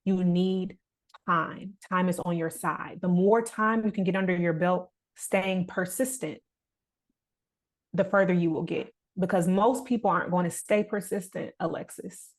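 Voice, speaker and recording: A young woman with a lowish voice talks as a podcast guest. She is earnest and reflective, and she keeps coming back to motivational points in a relaxed, conversational way. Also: unhurried.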